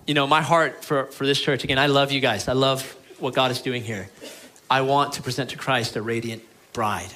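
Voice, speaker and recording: A man preaching a sermon as pastor of his church, earnest and pleading, moving between emphatic lines and quiet ones. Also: medium pitch, fairly even intonation, moderate pace.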